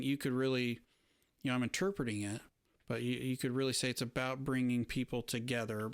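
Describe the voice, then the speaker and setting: A man's voice: medium pitch, smooth, no echo, studio quality. A man co-hosting a casual podcast chat, enthusiastic and swearing casually. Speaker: podcast co-host.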